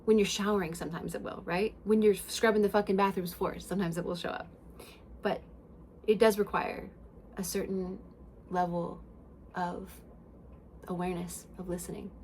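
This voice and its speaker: This podcast host, a woman with a mid-range female pitch, addresses listeners head-on in a forceful spiritual self-help talk. She curses liberally and alternates between booming bursts and near-whispers, keeping her intonation fairly even at a normal pace. Some light hiss or hum is audible.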